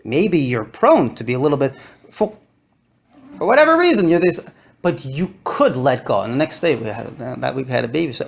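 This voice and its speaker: A man lecturing to a live audience, animated and acting out his stories with big swings in his voice. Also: medium pitch, a little fast, gravelly.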